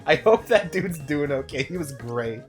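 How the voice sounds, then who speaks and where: This young man streams games and chats casually over them, his voice on the high side and lively at a normal speed. Faint game music sits in the background as he rambles profanely and keeps laughing.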